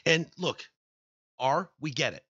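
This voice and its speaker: Bright-voiced man with a Michigan accent, joking. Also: fairly high pitch, lively intonation, a little slow, husky, no room sound, lo-fi sound. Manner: chatty, joking, acts out quotes. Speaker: podcast co-host. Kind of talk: casual podcast banter.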